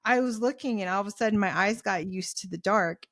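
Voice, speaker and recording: A woman's voice: mid-range voice, fairly quick, no echo, clean studio sound. A woman guest on a podcast, telling stories in a chatty way, full of "you know"s and retold dialogue, and laughing often as she talks. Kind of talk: casual storytelling in a podcast interview.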